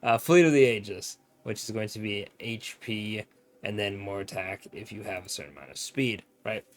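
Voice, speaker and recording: A man's voice: fairly low pitch, fairly even intonation, normal speed, a bit bright. A young man giving casual game guide commentary, rambling and often forgetting names with self-mocking asides. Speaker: gaming content creator.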